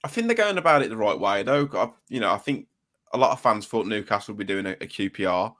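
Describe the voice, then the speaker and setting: A man's voice: on the low side, lively intonation, fairly bright tone. A man hosting a podcast, chatting casually about football and reading out player names. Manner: reels off player names slowly while reading a list. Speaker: podcast host.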